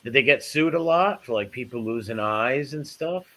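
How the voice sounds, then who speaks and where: A man's voice: mid-range voice, animated, normal speed, sharp tone. A man in casual chat, rambling through stories with lots of fillers and restarts.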